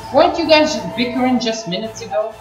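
A man playing a game for his channel, reading its dialogue aloud and reacting in a casual, animated way. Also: very high voice, quick pace. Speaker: gaming YouTuber. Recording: roomy echo with game music behind. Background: soft game music.

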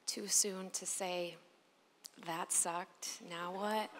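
A woman speaker from Chicago telling a personal story in an animated way to a live audience, acting out the voices of people in it. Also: on the low side, very slow, noisy background. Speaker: motivational speaker. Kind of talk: storytelling keynote talk. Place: large event hall on stage. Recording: long reverb of a large hall.

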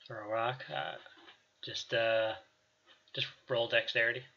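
A man runs a tabletop game as game master, narrating in a loose, rambling way with plenty of fillers. His voice is bright and sharp at a medium pitch. The recording sounds slightly dull and lo-fi. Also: little pitch movement, a little slow, vocal fry. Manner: casual, rambling with fillers and laughs.

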